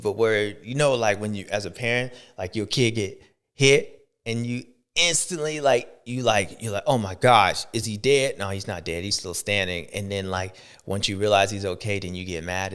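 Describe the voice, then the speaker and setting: A man's voice: fairly low pitch, a bit bright, clean tone. A man hosting a show, chatting casually and jokingly in slangy speech, often mimicking other people. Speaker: show host. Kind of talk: casual commentary chat.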